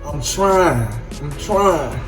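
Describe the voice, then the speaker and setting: Drawing out his words, a man with a voice on the high side speaks expressively while he cooks on camera. This home cook vlogger is chatty and apologetic, joking often and addressing viewers as y'all, with music playing in an echoey room.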